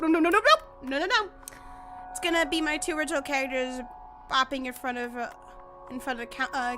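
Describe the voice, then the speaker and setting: Very high-pitched, bright-voiced woman streamer. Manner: excitable, swears freely, bursts into shrieks. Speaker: game streamer. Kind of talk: casual let's-play commentary.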